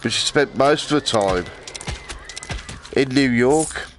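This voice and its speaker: A man's voice: mid-range voice, lively intonation, slow, a bit bright, a little hiss or hum. A man chatting casually and rambling while he streams a VR game, laughing often.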